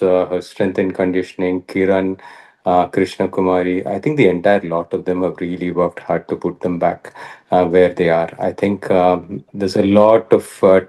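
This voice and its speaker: Low mellow-voiced Indian man, halting. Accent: Indian English. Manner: measured, many pauses and "uh" fillers. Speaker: badminton coach. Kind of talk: interview answers.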